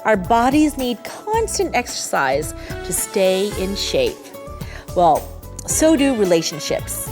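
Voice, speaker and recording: A young woman hosting an English-teaching TV interview in a studio, bubbly and quick to laugh, switching into Korean to explain words. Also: medium pitch, very animated, music in the background. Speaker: TV show host.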